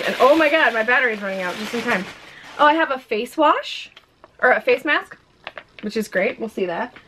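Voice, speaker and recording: A woman's voice: a little high, background noise. A woman vlogging a casual makeup unboxing at home, gushing and exclaiming with frequent giggles. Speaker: beauty vlogger.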